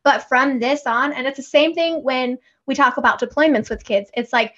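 Chatty high-voiced woman co-host. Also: normal speed, highs cut off. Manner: chatty, animated, acts out quoted lines. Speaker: podcast co-host. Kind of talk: casual chat.

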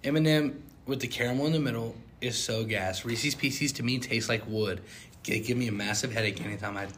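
A young man co-hosting a casual chat, animated and prone to sudden loud outbursts. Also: medium pitch, brisk, slight background noise. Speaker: co-host.

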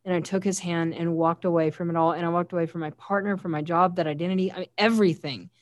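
A woman's voice: on the low side, steady tone, fast talker, no echo. A woman giving an earnest, heartfelt faith testimony as an interview guest, often quoting scripture. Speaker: guest sharing a personal testimony.

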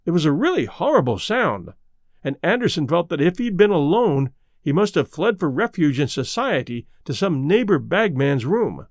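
A man narrating an audiobook ghost story in a measured storytelling manner. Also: fairly high pitch, big pitch swings, dry recording, clean studio sound.

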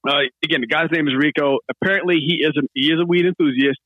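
A man hosting a podcast, telling a story in a casual, animated way and acting out what others said. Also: on the high side, fast, no echo, narrow, tinny audio. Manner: animated, laughing storyteller, acts out quotes. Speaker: podcast host.

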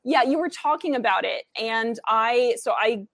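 A woman from the US with a Midwestern American accent, explaining things in a measured way in a casual chat. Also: on the high side, expressive, a bit bright, no echo. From US, grew up in DC, LA, Chicago.

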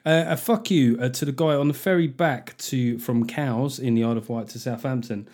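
A man's voice: medium pitch, moderate pace, a little mellow. Sardonic, swearing British man. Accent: British English. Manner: chatty, sardonic, swears freely. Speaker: podcast host. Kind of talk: casual comedic monologue.

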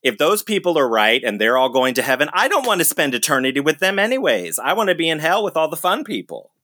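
A man's voice: fairly high pitch, sing-song, quick pace, few pauses, sharp tone, no echo. A man in casual chat, ranting with lots of swearing and laughing between points.

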